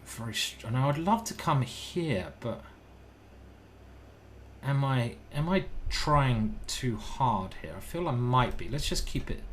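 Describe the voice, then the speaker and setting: A man's voice: medium pitch, expressive, slow pace, slight background noise. A man giving casual live-stream chess commentary, thinking aloud and chatting with his viewers. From United Kingdom.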